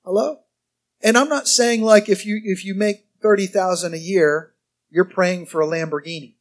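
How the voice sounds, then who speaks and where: A man preaches a sermon in a high, bright-toned voice. He talks conversationally and with humor, often quizzing his congregation. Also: normal speed. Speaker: pastor.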